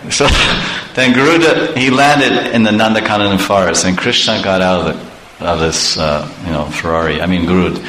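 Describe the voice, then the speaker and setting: A man preaching in an animated storytelling way, chuckling often. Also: deep voice, normal speed. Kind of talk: storytelling sermon. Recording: echoey room, faint background noise.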